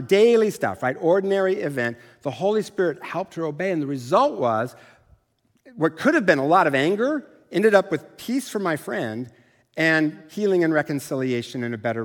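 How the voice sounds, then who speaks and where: Middle-aged guy preaching, kinda high voice, chatty and poking fun at himself, lots of hall echo. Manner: conversational, self-deprecating preaching. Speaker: pastor. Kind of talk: sermon. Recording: long reverb of a large hall.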